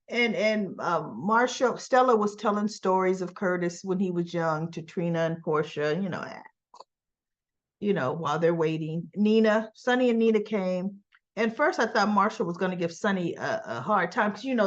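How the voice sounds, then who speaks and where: A woman's voice: on the low side, moderate pace, dull audio. A woman reviewing a soap opera in a casual, chatty recap, talking animatedly and acting out the characters' lines.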